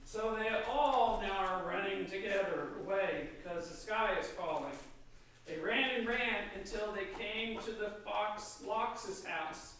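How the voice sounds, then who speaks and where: A man preaching a sermon in a church, retelling a children's story in a relaxed, loose way with fillers and self-corrections. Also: sits high, measured pace, a little hiss or hum. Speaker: priest. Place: church sanctuary. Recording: echoey church from far off.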